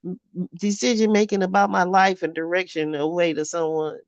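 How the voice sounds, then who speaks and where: A woman's voice: on the low side, little pitch movement, brisk, dry recording, muffled recording. A woman in her fifties reading her own journal aloud in a candid vlog. She talks frankly, swears freely and often laughs at herself. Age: 50s. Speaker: vlogger.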